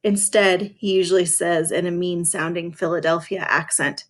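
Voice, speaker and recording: A woman's voice: on the low side, steady tone, normal speed, few pauses. A woman reading a first-person novel aloud in a dry, sarcastic voice, stopping now and then to talk to her listeners about it. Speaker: reader.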